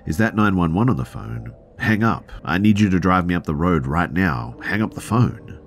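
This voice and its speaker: A man's voice: low voice, animated, moderate pace, voice pushed up. A man voicing a panicked, drunk and injured man who urgently demands that a phone call end.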